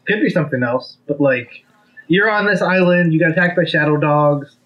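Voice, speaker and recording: Hesitant game master, muffled audio. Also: male voice, fairly high pitch, normal speed, a bit bright. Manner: hesitant, many ums. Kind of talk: narrating a tabletop game.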